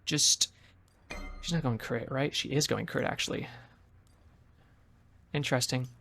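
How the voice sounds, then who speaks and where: A young man giving live commentary on his own ranked game, mixing calm strategy talk with excitable trash talk. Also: mid-range voice, a little slow, gravelly, a little hiss or hum. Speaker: gaming streamer.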